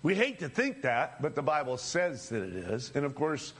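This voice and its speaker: A man with a notably high voice preaches a sermon. He speaks to his listeners as friends and builds his points through repetition, with brief chuckles in between. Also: huge pitch swings, moderate pace, a bit bright, slightly rough.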